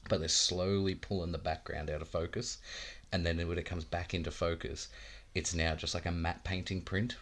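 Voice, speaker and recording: Man, very low voice, rambling casual podcast chat, laughs a lot, swears freely. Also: level tone, normal speed, few pauses. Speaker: podcast co-host.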